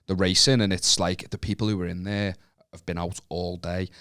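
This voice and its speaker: A man's voice: deep voice, level tone, normal speed, fairly bright tone, clear, resonant tone. A man with a Scouse accent, co-hosting a comedy podcast and telling a rambling anecdote full of restarts and swearing. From Merseyside, England. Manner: swears freely, rambling with restarts, laughs often. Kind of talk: casual storytelling chat.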